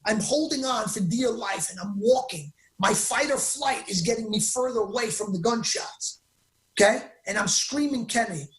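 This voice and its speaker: An interview guest tells his story excitedly and emphatically, repeatedly cutting off his own sentences. His voice sits high, he talks at normal speed, and the room echoes.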